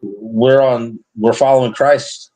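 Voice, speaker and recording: A man hosting a live testimony stream talks to his guest in a casual, heartfelt way. His voice sits at an ordinary middle pitch, and he rambles, restarts his sentences and slips in small jokes. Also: fairly even intonation, takes it slowly, warm tone, rough recording. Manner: earnest, rambling, joking, with frequent restarts. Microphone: online live stream.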